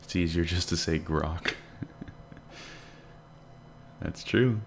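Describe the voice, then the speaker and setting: A man with a low, gravelly voice talks casually on a live day trading stream. He reads viewer comments aloud and answers them in an easy, chatty way while he watches the market. A faint hiss of background noise sits under the recording. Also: very slow. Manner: relaxed, chatty, answers chat questions while watching charts. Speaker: day trading livestream host.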